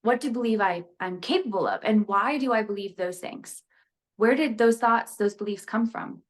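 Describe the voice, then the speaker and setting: A young woman talks openly as a podcast guest, her voice sitting at an ordinary middle pitch. She is lively and expressive, peppering her talk with "like" and breaking into short laughs. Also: normal speed. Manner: animated, frequent filler "like", laughs between thoughts. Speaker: guest, actress and motivational speaker. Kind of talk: casual podcast conversation.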